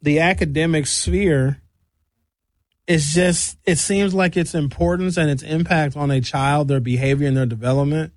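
A man's voice: a little high, normal speed, no room sound. A man, talking in a casual monologue and acting out voices as he tells stories. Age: 50s. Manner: animated storytelling with shouted impressions.

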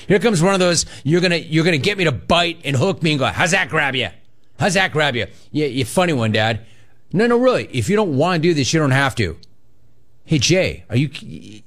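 A male radio host with a lively, animated voice that swings up and down. He jokes and acts out voices while telling a story. His voice sits a bit higher than most men's.

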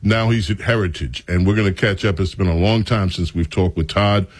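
A man hosting a talk radio show, talking in an animated, sardonic way. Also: low-pitched, brisk, no echo.

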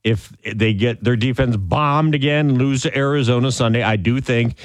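A man hosting sports talk radio, opinionated and animated, often restarting his sentences. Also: mid-range voice, moderate pace.

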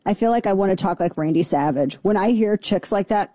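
A woman hosting a political talk show, brash and sarcastic, with animated outbursts. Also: mid-range voice, brisk, few pauses, no room sound.

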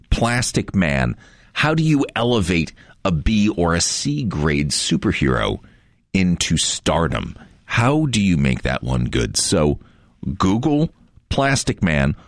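Deep-voiced jokey radio host man. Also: dry recording, studio quality. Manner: jokey, rambling, self-deprecating. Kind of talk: casual radio chat.

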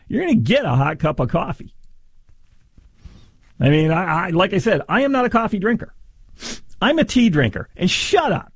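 A man's voice: high-pitched, husky, dry recording, clean studio sound. A man hosting a sarcastic commentary on a news story, mocking and exaggerated in delivery. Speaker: commentary host.

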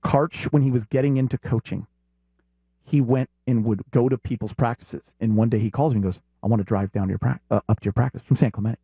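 A man's voice: mid-range voice, fairly even intonation, fast, dark tone, husky, dry recording. A man co-hosting a sports talk show, telling stories with enthusiasm in casual chat. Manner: enthusiastic storyteller.

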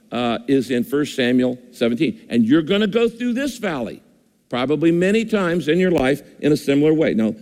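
A man's voice: medium pitch, a little mellow. A pastor preaching a sermon in a conversational way, often repeating his phrases, speaking on a stage microphone in a church with a screen. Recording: long hall reverb.

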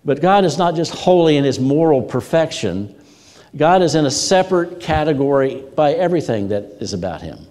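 A man's voice: fairly high pitch, big pitch swings, moderate pace, a little mellow. A man preaching a sermon as a pastor, telling stories with energy and repeating words for emphasis. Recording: long hall reverb.

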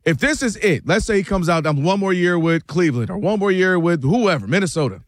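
A man arguing his case on a sports talk show, with a high-pitched voice. He makes emphatic, speculative points and slips into other people's voices for quotes. The sound is close and dry, with no room echo. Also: lively intonation, fairly quick. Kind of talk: animated sports debate.

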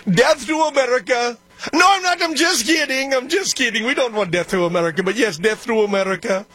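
A man's voice: very high-pitched, fairly quick, bright, forceful tone, no echo, voice pushed up, full character voice. A man voicing a mocking caricature of a threatening male foreign leader, ranting in an exaggerated put-on accent. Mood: menacing mock.

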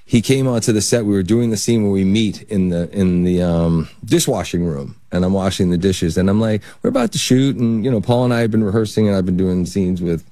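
A man, an actor guest in an interview, telling animated stories and laughing as he goes. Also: low-pitched, fairly quick, hardly any pauses, no echo. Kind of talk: anecdotal interview storytelling.

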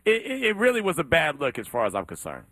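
Male radio host, sports talk, emphatic, bright tone, dry studio. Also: fairly high pitch, huge pitch swings, fast talker, no room sound. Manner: emphatic, repeats himself for effect.

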